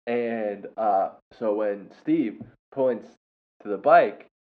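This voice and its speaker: A young man casually telling a funny story about a first grader, laughing often and breaking into loud impressions. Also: on the low side, slow pace. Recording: dull lo-fi sound.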